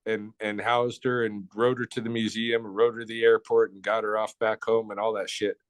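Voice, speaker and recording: A middle-aged man from the Blackfoot Nation, talking as an interview guest in a blunt, profane, relaxed storytelling way. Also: lowish voice, moderate pace, clean tone, no room sound. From Blackfoot Nation, North America. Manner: relaxed, conversational, with short restarts.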